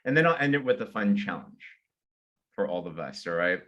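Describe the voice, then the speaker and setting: A man giving an energetic sales training talk, walking through simple steps and acting out example messages. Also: sits low, dull audio. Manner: energetic, fast, acts out example invitations.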